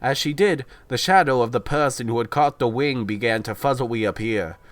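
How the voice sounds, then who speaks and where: A man's voice: mid-range voice, a little fast, fairly bright tone, no room sound. A young man hosting a podcast, reading a visual novel aloud and breaking off to chat and laugh at himself. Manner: laughs easily, self-deprecating. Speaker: podcast host, reader.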